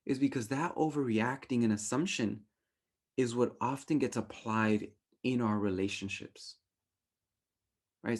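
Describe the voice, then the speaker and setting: A young adult man teaching a relationship workshop in a casual, animated way, often acting out quoted thoughts in playful voices. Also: medium pitch.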